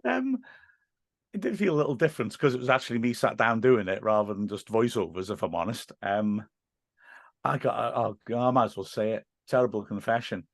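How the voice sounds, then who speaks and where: A man's voice: medium pitch, animated, fairly quick, creaky, no room sound. A Welsh-accented man chatting as a podcast guest. He tells stories with animation, often restarting his sentences. His voice is recorded close and dry, with no room sound. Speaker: podcast guest, football commentator. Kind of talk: casual chat.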